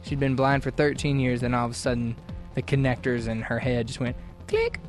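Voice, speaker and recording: A man's voice: medium pitch, big pitch swings, faint music behind. A man hosting a casual comedy news show, reading stories and joking along. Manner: playful, quick to laugh, reading stories aloud.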